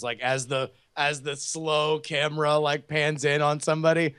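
Podcast guy rambling about tv, smooth clear voice, lots of restarts. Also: fairly high pitch, level tone, normal speed, a bit bright. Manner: rambling, many restarts and fillers. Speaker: podcast co-host. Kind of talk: casual chat.

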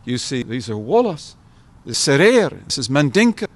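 A man's voice: medium pitch, sing-song, normal speed, no room sound. A man in his seventies from the United States, speaking to an audience as a guest scholar, reflective and repeating phrases for emphasis. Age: 70s. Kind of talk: informal talk to an audience.

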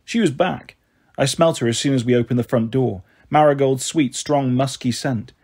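A man reading a children's novel aloud as a storyteller, in a calm, even manner. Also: medium pitch, moderate pace, slightly rough.

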